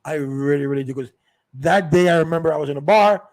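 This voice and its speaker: A man's voice: a little high, quick pace, a little mellow, rough recording. A man telling a rambling, profane story in a casual monologue, full of restarts and repeated words. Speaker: show host telling stories.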